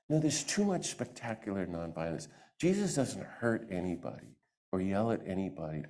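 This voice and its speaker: Guy with a lowish voice giving an animated church talk on a mic. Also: normal speed. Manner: animated, acts out quoted voices. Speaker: guest speaker. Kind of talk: lively talk to a church audience. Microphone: microphone.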